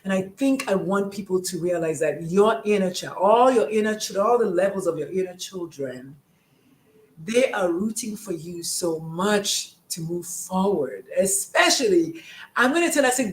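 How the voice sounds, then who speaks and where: A woman's voice: lowish voice, lively intonation, moderate pace, roomy sound, rough recording. A woman hosting a podcast, effusive and chatty, acting out quoted dialogue as she tells stories. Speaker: podcast host, gender and sexuality coach. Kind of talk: casual podcast conversation.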